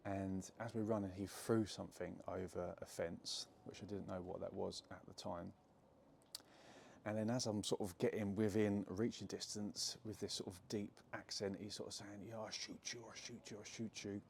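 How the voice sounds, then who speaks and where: A man's voice: low-pitched, level tone, moderate pace, creaky, darkish tone, slight background noise. A young adult man, chattily retelling a true story to camera with lots of fillers. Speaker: property investor telling a story.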